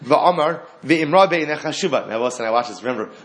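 A man teaching a Torah class, animated, asking rhetorical questions and acting out the lines of the story. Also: a little high, fast.

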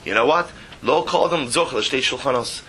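Bright-voiced lively male teacher. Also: mid-range voice, brisk, slight background noise. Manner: lively, repeats phrases, emphatic asides. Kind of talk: text study lecture, reading and translating aloud.

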